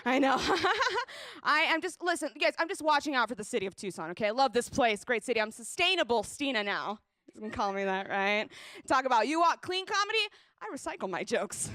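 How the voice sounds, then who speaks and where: A woman's voice: high-pitched, sing-song, a little fast, pushed and bright, dry recording. A woman performing a chatty stand-up set on a comedy stage, often turning to the crowd with asides. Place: comedy stage before a live audience.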